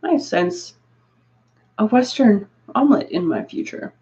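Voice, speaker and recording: A woman's voice: mid-range voice, very animated, unhurried, dark tone. A woman chatting casually to viewers on a craft livestream, rambling through asides and laughing often. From Canada. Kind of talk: casual live chat. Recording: dull lo-fi stream audio.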